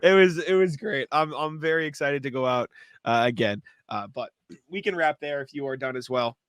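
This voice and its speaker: A young man co-hosts a casual sports podcast, his voice bright and a little high for a guy. He laughs through his own stories and swears freely, recorded close and dry. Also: moderate pace, clear, resonant tone, dry recording. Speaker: podcast co-host. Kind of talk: casual chat.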